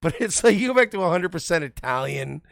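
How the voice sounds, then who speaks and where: A man hosts a loose comedic podcast, his voice gravelly and swinging widely in pitch as he rambles. The sound is dry and close, with no room around it. He talks crudely and keeps slipping into quoted voices. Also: big pitch swings, fast talker, a bit bright, dry recording. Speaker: podcast host. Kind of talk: casual comedic chat.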